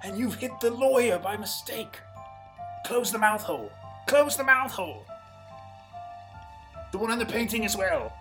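A woman's voice: mid-range voice, expressive, a little slow, long pauses, natural voice. A woman voicing a prim elderly male butler with a put-on British accent, speaking formally over music. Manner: formal, courteous.

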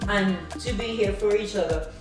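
A woman co-hosting a casual podcast chat, telling animated stories, laughing often and swearing freely. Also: medium pitch, normal speed. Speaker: podcast co-host. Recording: echoey distant mic with background music.

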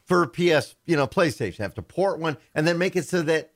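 A man's voice: a little high, animated, a little fast, dry recording, studio quality. A man chatting casually on a podcast, rambling with filler words and restarts. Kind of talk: casual chat.

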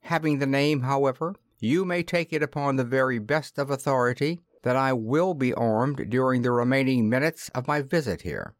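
A man voicing a big, blunt male ex-miner in an audiobook, speaking curtly and forcefully. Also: mid-range voice, normal speed, few pauses, dry recording, studio quality, natural voice. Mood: quietly firm. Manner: forceful, curt.

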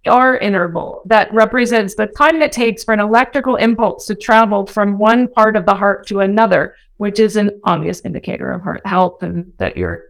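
A woman's voice: medium pitch, lively intonation, normal speed, vocal fry, hardly any pauses, low-quality recording. A woman in a casual chat, earnestly explaining a news story to her co-hosts.

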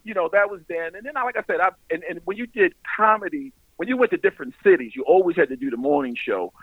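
A man from Baltimore, a comedian and pastor, telling stories in a casual interview with quick, animated delivery. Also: high-pitched, dry recording, phone-quality sound. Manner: animated, quick storytelling with impressions.

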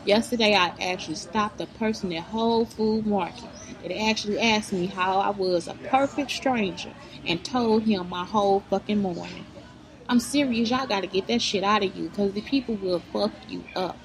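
A woman's voice: medium pitch, normal speed, rough recording. A woman giving blunt, profane motivational advice straight to her viewers, in a preachy vlog style. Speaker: vlogger giving life advice.

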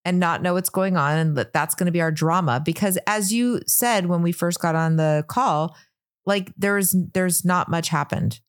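A woman's voice: lowish voice, moderate pace. A woman co-hosting a podcast in casual chat, recapping a reality show episode. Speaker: podcast co-host. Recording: video call.

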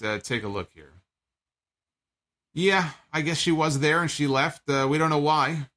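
Bright-voiced man hosting a wrestling recap. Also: mid-range voice. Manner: chatty, wry, with fillers and asides. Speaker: wrestling show host. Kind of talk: casual recap and ad read.

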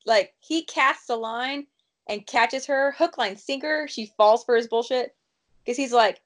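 Animated woman recapping a show. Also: fairly high pitch, measured pace. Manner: animated, laughing, acts out characters' lines. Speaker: podcast co-host recapping a TV episode. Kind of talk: casual chat.

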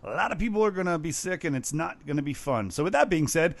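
A man in his thirties co-hosting a podcast in casual chat, making wry, deadpan quips. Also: fairly high pitch, quick pace, vocal fry. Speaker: podcast co-host.

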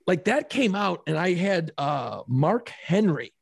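A man co-hosting a podcast, a lively storyteller who laughs often and swears freely in casual chat. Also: high voice, takes it slowly, creaky. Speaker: podcast co-host.

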